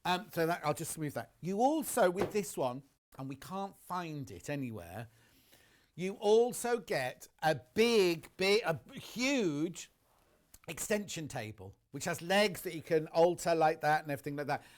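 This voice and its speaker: A man's voice: on the high side, animated, a little slow. A man presenting a live television shopping demonstration in a TV studio, chatty and enthusiastic, talking straight to viewers.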